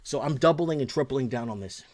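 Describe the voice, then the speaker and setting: Male host, solo rant, blunt and profane, mid-pitched voice, keeps circling back to his points. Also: brisk. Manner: heated, blunt and profane, repeats himself. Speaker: host of a talk show. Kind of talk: ranting solo commentary.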